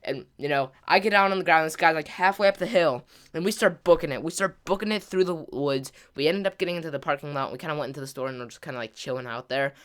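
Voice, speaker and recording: A man hosting a gaming channel who tells a casual story over gameplay. He rambles, packs his talk with filler words and mild slang, and gets louder as the story builds. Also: fairly high pitch, fast talker, hardly any pauses, clean tone. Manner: grows louder and more excited as the story climaxes.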